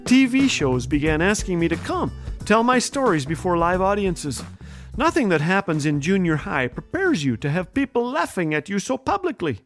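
Middle-aged male humor host, high and very animated delivery, wry scripted storytelling.

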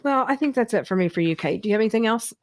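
A woman's voice: a little high, animated, rapid-fire, a little hiss or hum. A woman co-hosting a reality-TV recap podcast, talking bluntly with plenty of swearing and frequent laughter. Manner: blunt, profane, laughs often. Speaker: podcast co-host. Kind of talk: casual reality-TV recap chat.

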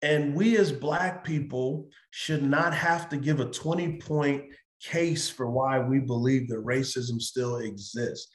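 A man's voice: mid-range voice, steady tone, slow, few pauses, echoey room. A male pastor as a podcast guest, speaking emphatically in a preaching style, building in repeated phrases and acting out quoted voices. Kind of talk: passionate preaching-style conversation.

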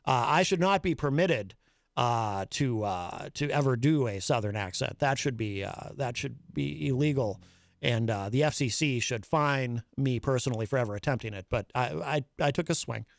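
A man's voice: mid-range voice, animated, moderate pace, vocal fry, no room sound, clean studio sound. A man hosting a call-in talk show and delivering a rambling, opinionated monologue full of fillers and restarts. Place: New Hampshire.

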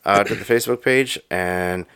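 A man's voice: on the low side, moderate pace, a bit bright, clear, resonant tone, no echo. A man co-hosting a casual podcast, laid-back and joking, swearing freely as he chats into a studio mic. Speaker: podcast co-host. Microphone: studio microphone.

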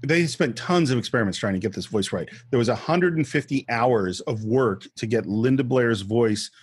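A man's voice: mid-range voice, normal speed, breathy edge, no echo. A man co-hosting a film podcast, casually retelling scenes step by step and acting out quotes. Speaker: podcast co-host. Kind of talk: casual film-discussion chat.

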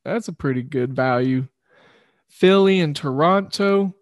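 Guy hosting a betting show, kinda rambly, a bit high-voiced, dry no-room sound. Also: a little slow, dry recording. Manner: loose, rambling, self-correcting. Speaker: sports betting show host. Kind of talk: casual sports betting talk.

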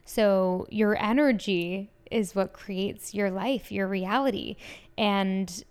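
A woman in her twenties talks casually to her podcast listeners, eager and effusive. Her voice is smooth and clean, sitting at an everyday middle pitch. She strings thoughts together with plenty of "like" and "um". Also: takes it slowly, darkish tone. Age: 20s. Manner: gushing, enthusiastic, many "like" fillers. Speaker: podcast host. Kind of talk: casual solo podcast chat.

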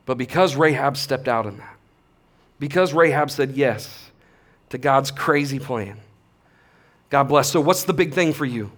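A man in his thirties preaching a sermon as a pastor, casual and animated, with slang and big swings between quiet and loud. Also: mid-range voice, unhurried, pauses often.

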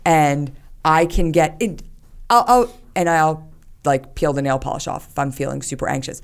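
Female podcast guest with a low voice, candid and open, chats loosely with lots of fillers. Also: normal speed, gravelly, clear, resonant tone. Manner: candid, talks openly about her anxiety with many fillers. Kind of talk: casual conversation.

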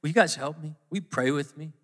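Fast and on the high side, a man's voice carries a conversational sermon through a church auditorium. The pastor keeps cutting himself off to restart sentences, and he performs the quotes he cites.

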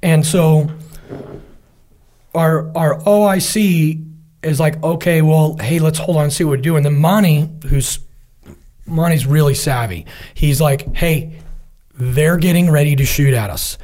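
A middle-aged man with a somewhat higher voice tells a combat story as a guest in conversation. He talks in a casual, vivid way and quotes his comrades in animated snippets. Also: a little slow, long pauses. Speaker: military veteran guest.

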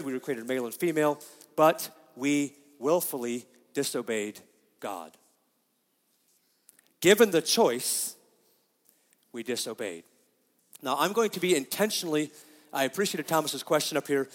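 High-voiced preacher in an echoing hall. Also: male voice. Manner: emphatic, asks the congregation questions. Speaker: pastor. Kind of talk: sermon.

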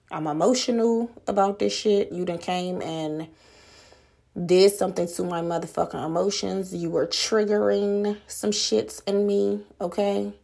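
A woman's voice: medium pitch, vocal fry, mellow. A woman podcast host giving a blunt, profane motivational monologue full of rhetorical questions.

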